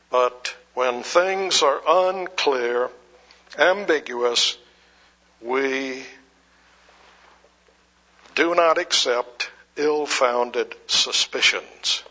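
A man preaching a sermon slowly and deliberately, posing rhetorical questions and answering them himself. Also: medium pitch, bright, forceful tone. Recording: muffled lo-fi sermon recording.

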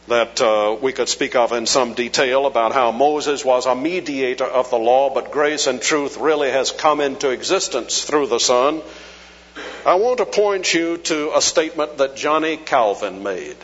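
A man preaching a sermon, teaching slowly and deliberately from scripture and lifting his voice on quoted verses. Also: mid-range voice, a bit bright. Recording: dull lo-fi recording with long hall reverb.

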